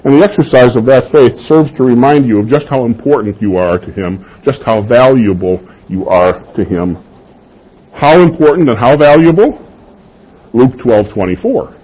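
A man with a husky, breathy voice delivering a sermon. He makes his points firmly, poses rhetorical questions and laughs softly now and then. The sound is dull and slightly muffled. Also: lowish voice. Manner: emphatic, with rhetorical questions and soft chuckles. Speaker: pastor.

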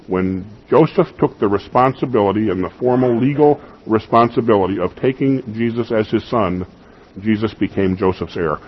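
A man's voice: lowish voice, slightly rough, dull audio. A man preaching a teaching sermon, stressing key points and putting rhetorical questions to his congregation. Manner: teaching, emphatic, asks the listeners rhetorical questions. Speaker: pastor. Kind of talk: expository sermon.

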